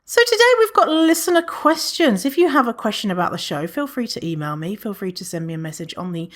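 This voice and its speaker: A woman's voice: medium pitch, expressive, normal speed, a bit bright. A woman hosting her podcast in a casual, playful way, often acting out other people's remarks in mock voices. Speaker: podcast host. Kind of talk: casual solo podcast chat.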